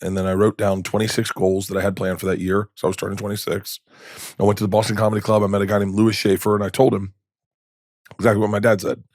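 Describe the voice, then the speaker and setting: A man's voice: fairly low pitch, fast, dry recording, studio quality. A male comedian who is a podcast guest, telling stories in a casual interview and acting out the people in them. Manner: animated, acts out the people in his stories. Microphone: studio podcast mic.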